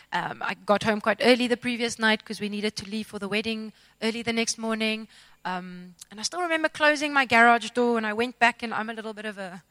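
A woman telling a personal faith testimony in an expressive, self-mocking, dramatic storytelling way. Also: medium pitch, no room sound. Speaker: speaker sharing a testimony.

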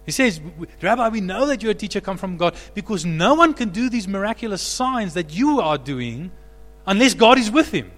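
A male pastor preaches with animated energy, building to loud, emphatic peaks. His voice sits fairly high and rings out with the long echo of a church hall. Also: brisk, few pauses. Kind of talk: sermon.

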